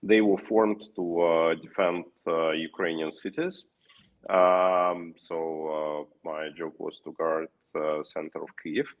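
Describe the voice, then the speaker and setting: A man with a Russian accent, speaking English as a guest on a remote video-call interview, halting with many fillers. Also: deep voice, fairly even intonation. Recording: dull lo-fi call audio.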